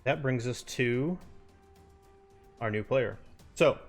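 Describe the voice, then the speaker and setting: A man running a tabletop game as game master, narrating scenes in a descriptive, steady storytelling manner. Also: medium pitch, slow, long pauses, faint music behind.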